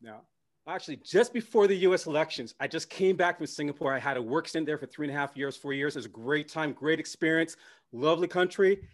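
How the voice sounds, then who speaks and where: A Canadian man performing a stand-up comedy set, animated and slipping into character voices. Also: on the high side, fast talker. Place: comedy club stage with audience.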